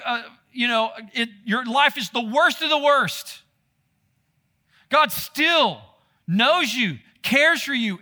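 Pastor guy preaching, high pitched, super bright voice, talks right at you. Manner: animated, exclaiming, talks straight to listeners. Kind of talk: sermon.

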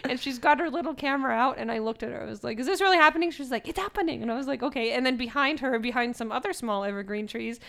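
A woman telling a lively personal story in casual chat, acting out quoted lines and laughing as she goes. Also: fairly high pitch, quick pace, vocal fry, hardly any pauses. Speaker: storyteller recounting her proposal.

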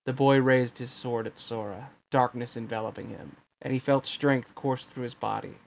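A man's voice: medium pitch, fairly even intonation, normal speed, gravelly, a little hiss or hum. A man narrating a novel aloud in a plain reading voice, with occasional slips.

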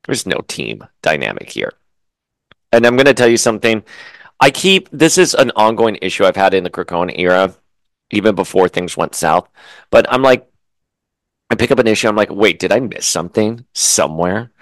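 A man with a low-pitched voice talks through a comic book review in a loose, opinionated way, full of asides and restarts. The sound is close and dry, with no room echo. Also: big pitch swings, moderate pace, pauses often. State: chewing food while talking. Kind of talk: casual spoken comic review.

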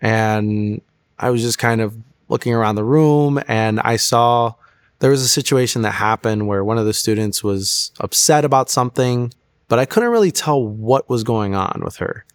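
A man's voice: medium pitch, normal speed, no echo. Earnest young man sharing his testimony. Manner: earnest and reflective, with frequent restarts and "like" fillers. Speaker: testimony guest. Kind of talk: personal testimony interview.

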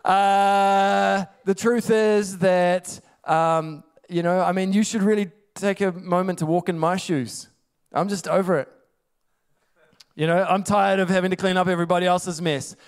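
Man voicing a weary, snarky Jesus parody, high-pitched, put-upon. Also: fairly even intonation, a little slow, clean tone. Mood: exasperated. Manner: sarcastic, fed-up grumbling.

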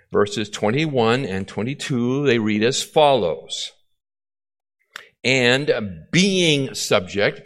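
A male pastor preaching an expository sermon, often repeating key phrases and checking in with the congregation. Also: mid-range voice.

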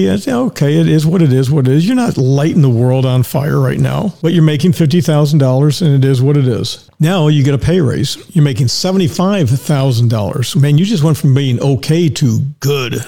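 Older male podcast host, slightly high and mellow, folksy and full of rhetorical questions, casual monologue from a home studio. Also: vocal fry.

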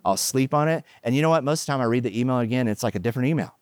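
A man's voice: mid-range voice, rapid-fire, clear, resonant tone, no room sound. Middle-aged male pastor, casual sermon, playful asides, close dry mic. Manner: joking, animated asides, chatty fillers. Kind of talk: conversational sermon with humor.

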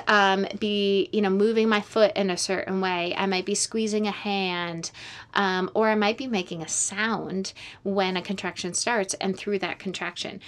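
A woman hosting a casual podcast chat about birth, affirming her guest with frequent agreement. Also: mid-range voice. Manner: warm affirming, many agreeing fillers. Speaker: podcast host, birth worker.

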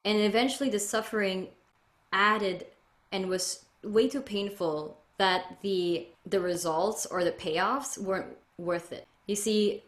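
Low-voiced woman, roomy earnest guest. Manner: earnest, spiritual, flowing. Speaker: podcast guest. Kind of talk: reflective interview talk.

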